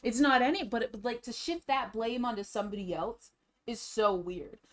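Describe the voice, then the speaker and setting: Talking at a moderate pace in a slightly high voice, a young woman streamer reacts to drama videos from her home. She rants in a casual, exasperated way, swearing and going over the same points repeatedly.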